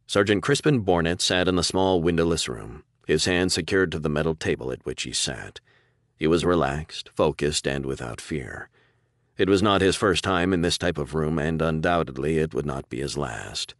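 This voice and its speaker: Male audiobook narrator, very low voice, dry close recording, deliberate delivery. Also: no echo. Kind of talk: scripted narration.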